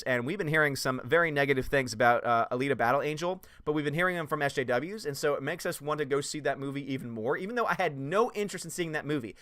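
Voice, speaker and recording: Guy ranting on his movie stream, sarcastic and emphatic, bright clean voice, dry close mic. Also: fairly high pitch, clean tone, dry recording. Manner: emphatic, sarcastic, laughs often mid-sentence. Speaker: movie commentary channel host. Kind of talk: live-stream chat reading and rant.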